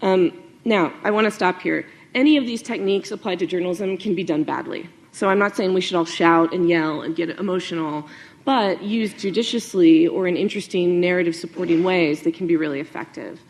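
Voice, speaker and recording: A woman journalist giving a lively talk to an audience, animated, with many fillers and asides. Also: fairly low pitch, a little fast.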